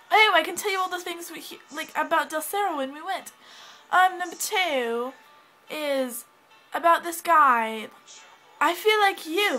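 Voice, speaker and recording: This rough recording catches a woman's very high, sharp-toned voice. She's a vlogger indoors at home with a cat, rambling casually to the camera in an affected English accent, bubbly, all over the place, laughing and interrupting herself.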